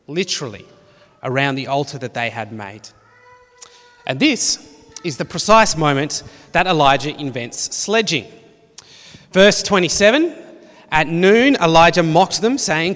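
A man's voice: fairly high pitch, animated, unhurried, long pauses, a bit bright. A man preaching a sermon, reading Bible passages expressively with dry humour. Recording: long reverb of a hall.

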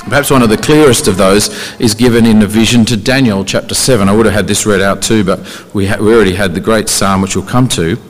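A man preaching a conversational sermon, with rhetorical questions and sudden emphatic rises in pitch. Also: fairly even intonation, quick pace, hardly any pauses. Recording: reverberant hall.

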